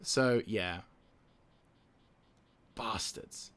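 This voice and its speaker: A young man commentating his strategy game, swearing freely and venting frustration between calm planning. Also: lowish voice, extremely slow, clean tone. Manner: profane, ranting, venting frustration. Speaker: gaming YouTuber. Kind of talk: let's play commentary.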